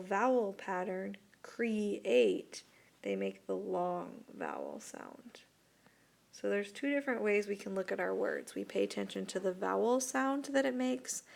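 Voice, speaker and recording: A woman teacher speaks slowly and patiently as she records a video lesson. Her voice has a gravelly edge of fry, and she walks her students through each step. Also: mid-range voice. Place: voice-over for an interactive whiteboard video.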